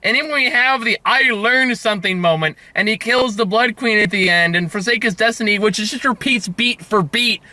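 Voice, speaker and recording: A man's voice: high voice, moderate pace, hardly any pauses, pushed and bright, no echo. A man in a casual movie review chat who laughs often, swears, and acts out lines in silly voices.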